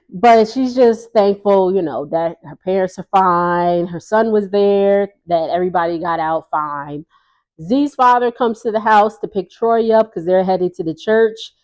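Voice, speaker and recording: A woman's voice: medium pitch, a little mellow. A woman casually recapping a reality TV episode in a chatty, sassy way, laughing often and acting out what people said.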